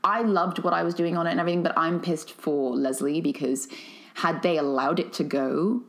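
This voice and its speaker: A woman actress telling stories in casual chat, animated and sarcastic. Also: low voice, fairly quick, creaky. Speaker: actress guest.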